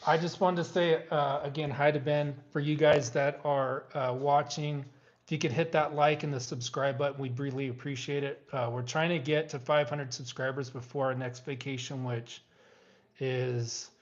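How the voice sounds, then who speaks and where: A man's voice: medium pitch, little pitch movement. Hesitant middle-aged man chatting on a dull stream. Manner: halting, frequent uh and um fillers. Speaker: live stream host. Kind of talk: casual live stream chat.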